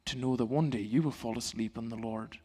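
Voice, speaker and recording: Male pastor, middle-aged, church sermon, calm, gentle, conversational, medium pitch. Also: fairly quick, slightly rough.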